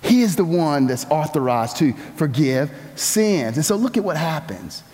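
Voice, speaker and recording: Pastor guy preaching slow, big swoopy high voice, long church-hall echo. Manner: animated preaching, rising high and loud for emphasis, slow and drawn out. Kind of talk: sermon.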